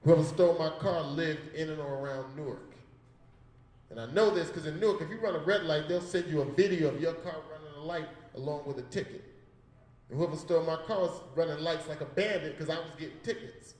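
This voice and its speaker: A man's voice: a little high, fairly quick, darkish tone, echoey room, recorded from a distance, low-quality recording. A man doing a stand-up comedy set in a gallery, telling stories on a handheld mic in a loose, profane way and voicing the people in them. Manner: storytelling with voiced characters, profane and laid-back. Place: comedy show in an art gallery.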